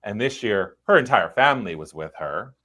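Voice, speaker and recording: A man's voice: fairly low pitch, normal speed. A man who writes young adult novels and co-hosts a podcast, telling a rambling anecdote in casual panel chat. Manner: relaxed, rambling anecdotal storyteller.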